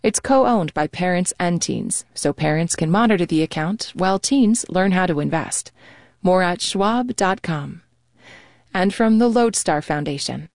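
A woman radio announcer reading sponsor credits in a crisp, even manner. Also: on the low side, measured pace, no room sound, clean studio sound.

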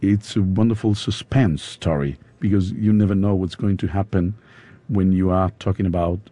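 Spanish guy, english isn't his first language, really dark mellow voice, lots of uhs and pauses. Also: deep voice, no room sound. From Spain. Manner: halting, searching for words with fillers. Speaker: opera singer guest. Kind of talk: interview.

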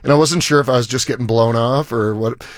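A middle-aged man tells a long story at a studio mic, circling back and restarting his sentences as he goes. His voice sits mid-range for a man, recorded dry and close with no room around it. He sounds relaxed and conversational. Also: medium pitch, fairly quick, no room sound. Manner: rambling anecdotes with restarts and acted quotes. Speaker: musician guest. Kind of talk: casual storytelling interview.

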